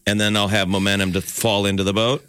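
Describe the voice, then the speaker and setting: A man co-hosting a morning show, chatting casually and telling animated stories. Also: fast, slight background noise. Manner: animated storyteller, jumps up in pitch at punchlines. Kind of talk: casual radio banter and storytelling.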